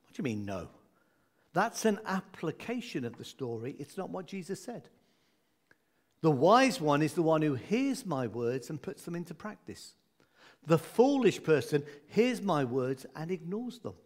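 A man's voice: a little high, very animated, measured pace. A man preaching a sermon in a conversational, humorous way, with asides and jokes for his congregation.

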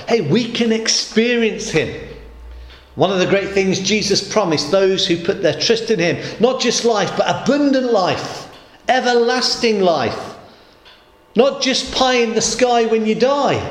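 Guy preaching, high-ish voice, tells stories and does the voices, echoey room. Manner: storytelling, emphatic, acts out quoted voices. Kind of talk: sermon.

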